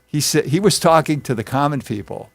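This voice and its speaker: A man's voice: fairly high pitch, animated, fairly quick, gravelly, no room sound. A man leading a casual group discussion and retelling a story, with acted quotes thrown in. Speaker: discussion leader.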